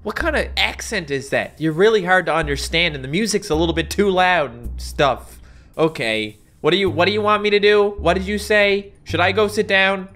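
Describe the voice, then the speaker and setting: A man doing jokey, excitable commentary while playing a video game, laughing often. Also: high voice, brisk, soft background music. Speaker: gaming YouTuber. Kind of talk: let's-play commentary.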